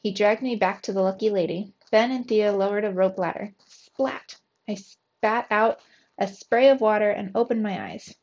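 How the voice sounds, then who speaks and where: A woman, a teacher, narrating a children's storybook aloud with lively expression. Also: medium pitch, normal speed, muffled recording.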